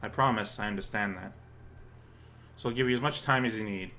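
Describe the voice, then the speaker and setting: A man reading the lines of a gentle, caring teenage girl who calmly reassures a friend while he plays a visual novel. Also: fairly low pitch, brisk, soft background music. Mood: soothing.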